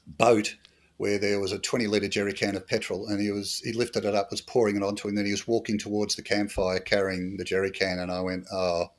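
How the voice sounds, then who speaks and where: A man's voice: on the low side, level tone, brisk. A middle-aged Australian man, a former bush police officer, telling wry anecdotes in an interview with a lot of fillers. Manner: dry humorous anecdotes with fillers. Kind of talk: storytelling interview.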